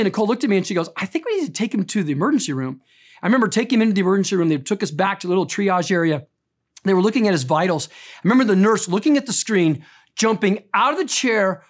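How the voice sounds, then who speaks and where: A middle-aged man preaching a sermon as a pastor, telling stories earnestly and emphatically, rising in intensity and dropping to quiet tenderness. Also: sits high.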